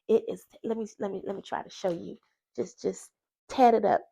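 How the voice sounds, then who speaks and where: A woman's voice: medium pitch, fairly even intonation, vocal fry, warm tone, slightly rough. Chatty woman giving casual Bible talk. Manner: chatty, folksy, with quick asides and laughs. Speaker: faith vlogger. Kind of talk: casual Bible study chat. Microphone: personal microphone.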